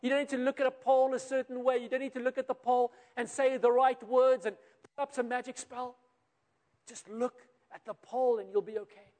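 Man, South African accent, preacher, very high voice, storytelling sermon, long hall reverb. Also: flat delivery, a little fast. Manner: storytelling with acted-out quotes, builds then drops to quiet.

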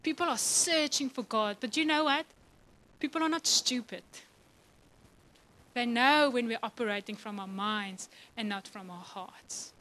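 Bright high-voiced woman preaching passionately. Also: unhurried, rough recording. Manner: passionate, emotional, with laughs. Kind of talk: sermon.

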